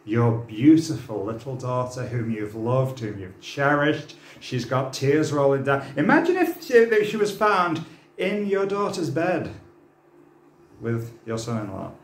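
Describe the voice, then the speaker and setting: A man's voice: medium pitch, big pitch swings, measured pace, a little hiss or hum. Impassioned male preacher in a roomy church. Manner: impassioned, dramatic, rhetorical questions. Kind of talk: sermon. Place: church hall.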